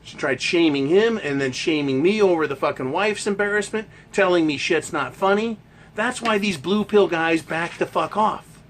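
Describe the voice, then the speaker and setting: A man's voice: high voice, moderate pace, fairly bright tone, slight background noise. A man hosting a ranting monologue, talking in a heated, emphatic and profane way. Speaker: host.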